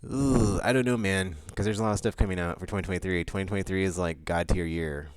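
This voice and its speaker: A man hosting his monthly vlog, chatting loosely with lots of fillers, restarts and bursts of excitement. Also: sits low, fast, no room sound. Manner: excitable outbursts about upcoming games. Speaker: vlog host. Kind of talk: casual rambling monthly vlog chat.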